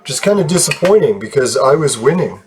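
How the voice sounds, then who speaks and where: A man's voice: mid-range voice, very animated, a little fast, slight background noise. A man casually commenting on his own gameplay, rambling, laughing often and swearing. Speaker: gaming video host.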